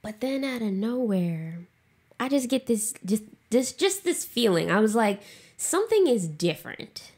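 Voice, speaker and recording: A woman's voice: fairly high pitch, big pitch swings, measured pace, darkish tone, slightly rough. A woman co-hosting a podcast, frankly telling a personal story with emotion, swearing freely and saying "like" a lot. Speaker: podcast co-host.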